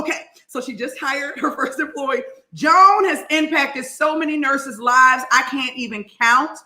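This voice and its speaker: Exuberant high-voiced woman coach. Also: moderate pace, echoey room. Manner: exuberant, shouting and laughing cheers. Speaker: staffing business coach hosting a live Q&A. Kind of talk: high-energy live call shout-outs.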